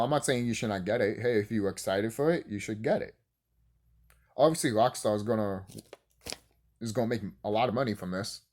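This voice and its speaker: A man's voice: mid-range voice, a little mellow. Casual ranter, male, sarcastic and fired up, cursing often, swinging voice. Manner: heated, sarcastic, swears a lot, repeats himself. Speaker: YouTuber ranting about video games. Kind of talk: casual rant to camera.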